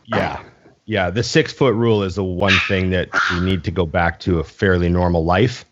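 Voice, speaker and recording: A man's voice: low voice, steady tone, moderate pace, slight background noise. A man hosting a podcast in a casual chat, laid-back and swearing offhandedly. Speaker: podcast host. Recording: dull lo-fi podcast audio.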